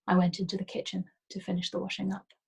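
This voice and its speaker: A woman reading a novel aloud as a storyteller, in a soft and gentle manner that sometimes drops to a whisper. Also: medium pitch, completely flat delivery, fast talker, vocal fry, slightly rough, poor audio.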